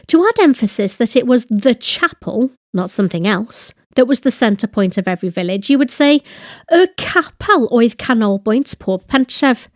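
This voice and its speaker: A woman giving a slow, deliberate grammar lesson, reading example phrases and translating them. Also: fairly high pitch, darkish tone, no echo, clean studio sound. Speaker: language teacher.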